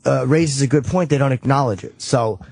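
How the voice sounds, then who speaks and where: A man's voice: medium pitch, a little fast, vocal fry, a little mellow. A man hosting a radio show, talking casually and profanely, often restarting his sentences. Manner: rambling, self-correcting, profane. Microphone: studio microphone.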